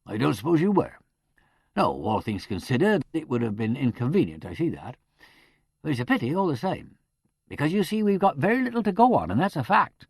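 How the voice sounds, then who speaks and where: A man's voice: a little high, big pitch swings, a little fast, breathy edge, dry recording, clean studio sound, heavily acted. A man doing a rustic, ponderous country superintendent. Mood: explaining. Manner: broad rural dialect, ponderous and fond of quotations. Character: pedantic rustic country police superintendent, middle-aged man.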